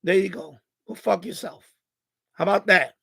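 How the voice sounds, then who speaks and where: A man's voice: high-pitched, normal speed, gravelly, fairly bright tone, husky. A man hosting a live stream, ranting angrily and profanely at a viewer in the chat. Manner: angry, profane, repetitive rant.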